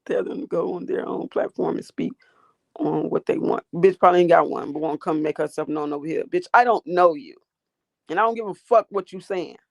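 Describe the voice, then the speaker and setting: A woman's voice: lowish voice, fairly quick, vocal fry, a little mellow, no room sound. A woman hosting a livestream from her phone, ranting at her chat in a profane, combative, sassy way. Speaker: livestream host. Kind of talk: casual live-chat rant.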